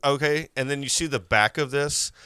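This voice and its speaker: A man's voice: mid-range voice, normal speed, bright, forceful tone, clean tone, no echo. A man hosting a podcast, leading a casual movie review chat in an upbeat way with lots of fillers. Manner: upbeat, leads the talk with many fillers. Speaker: podcast host.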